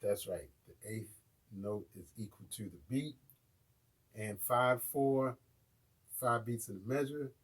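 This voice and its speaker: A man's voice: medium pitch, slow pace, pauses often, husky. A man with an American accent teaching a casual live online drum lesson and often checking in with his viewers.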